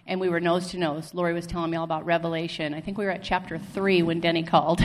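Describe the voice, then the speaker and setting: Woman, lowish voice, earnest testimony storyteller acting out conversations. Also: fast, slight background noise. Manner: earnest, animated retelling with quoted dialogue. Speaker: testimony speaker.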